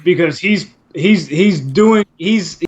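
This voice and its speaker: Joking man with a high voice. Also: animated, slow, a little mellow, lo-fi sound. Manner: laid-back, joking, laughs between lines. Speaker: podcast co-host. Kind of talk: casual wrestling recap chat.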